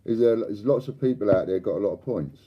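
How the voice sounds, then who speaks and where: Deep-voiced chatty man. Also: expressive, fast talker, slightly rough, lo-fi sound. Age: older. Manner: chatty, bantering, reads out viewer comments. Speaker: live stream host. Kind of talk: casual chat to live viewers.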